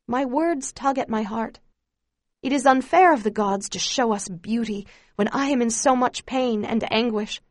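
Woman narrator, higher voice, dry close sound, quiet and grave first-person memoir read. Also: unhurried, dry recording. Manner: quiet, steady, grave storytelling.

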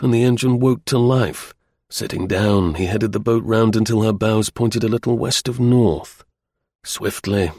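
Male narrator, very deep, husky voice, dry close sound, steady storybook read. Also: no echo.

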